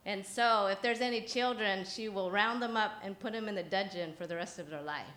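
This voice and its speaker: A woman gives a children's message in a church hall, telling a story with chatty asides, laughing often and asking the audience questions. Her mid-range voice is fairly bright and fairly quick, and the echoey hall carries faint ambience.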